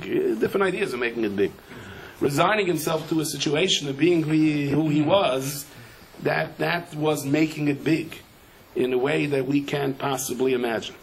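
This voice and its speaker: A man's voice: a little hiss or hum, poor audio. A man teaching a Torah class. He tells stories animatedly, mixes in Hebrew and Yiddish terms, and acts out the people he quotes. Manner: voices quoted people in a raised pitch. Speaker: rabbi giving a Torah class. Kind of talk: storytelling Torah lecture.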